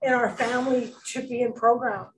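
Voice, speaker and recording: A middle-aged woman giving a rambling personal tribute at a memorial, halting and full of restarts. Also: fairly high pitch, steady tone. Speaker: speaker at a memorial. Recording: distant mic with faint background noise.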